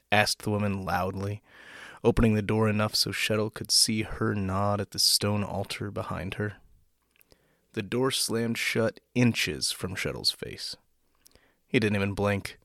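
A man with a lowish voice hosts a fiction podcast and reads the story himself. He talks in a relaxed, self-deprecating way. The sound is dry and close. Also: unhurried, no room sound. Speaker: podcast host and narrator. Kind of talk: reading a short story aloud.

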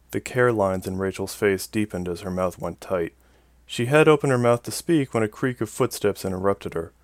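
A man narrating a science fiction story in an even, measured way. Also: lowish voice, no echo. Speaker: audiobook narrator. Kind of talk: scripted narration.

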